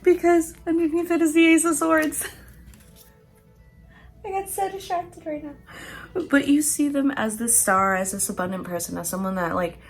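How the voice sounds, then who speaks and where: Gravelly, playful woman reading tarot cards. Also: on the high side. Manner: playful and chatty, laughs often, swears casually. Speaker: tarot card reader. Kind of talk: casual pick-a-card tarot reading.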